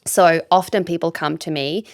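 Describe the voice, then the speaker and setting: A woman's voice: lowish voice, steady tone, normal speed, dry recording, clean studio sound. A woman from Sweden, a business coach talking as a guest on a podcast, candid and emphatic, swearing freely and leaning on "like" and "you know". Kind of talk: casual podcast interview.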